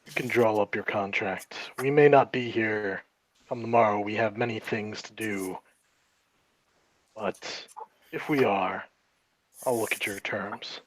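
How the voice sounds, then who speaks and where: A man playing a wary, blunt captain who speaks slowly and firmly in a tabletop game. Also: lowish voice, steady tone, no room sound, rough recording. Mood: guarded. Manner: slow, guarded, firm.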